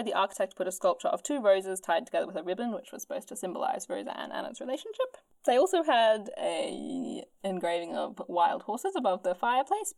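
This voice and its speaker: A woman's voice: vocal fry, no room sound. A woman casually telling a history story on a podcast, acting out quotes with big jumps in her voice. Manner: animated, acts out quotes with big pitch jumps.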